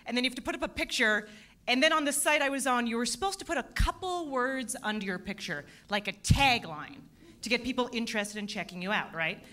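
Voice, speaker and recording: A woman in her thirties doing a stand-up set in a theatre, self-deprecating with deadpan punchlines. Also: on the high side, brisk. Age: 30s. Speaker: stand-up comedian. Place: theatre stage at a comedy festival.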